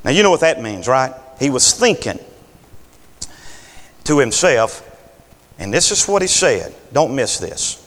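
Animated male preacher in a reverberant hall. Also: mid-range voice, unhurried, long pauses. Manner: animated preaching, acts out voices of biblical figures. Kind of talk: sermon.

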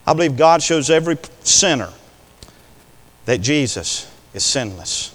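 An older male preacher delivering an impassioned sermon, swinging between hushed words and loud declarations. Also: on the high side, very animated, measured pace. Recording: long hall reverb.

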